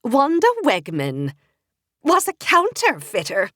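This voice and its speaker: In a storybook reading, a blunt small-town poker player speaks high and emphatic, as a woman reads her part. Her lines lean on each word and ride up in pitch, heard dry and close. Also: huge pitch swings, slow pace, a bit bright, no room sound, full character voice. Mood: indignant.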